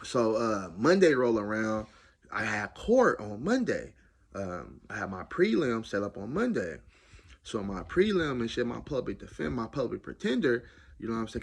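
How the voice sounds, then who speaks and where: A man telling a jail story in a casual, animated and slangy way. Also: moderate pace, gravelly, breathy edge. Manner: animated, slangy, loud swings of pitch. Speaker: storyteller recounting jail time.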